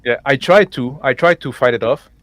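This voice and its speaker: Halting non-native-English man, dry sound. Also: mid-range voice, a bit bright, no room sound. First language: not English. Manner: halting, restarts phrases, non-native grammar. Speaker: game master and podcast host. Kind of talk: casual discussion.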